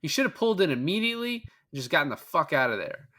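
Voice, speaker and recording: A man's voice: a little high, very animated, quick pace, sharp tone. A man co-hosting a podcast, recapping a film scene by scene in loose, profane, casual chat. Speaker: podcast co-host.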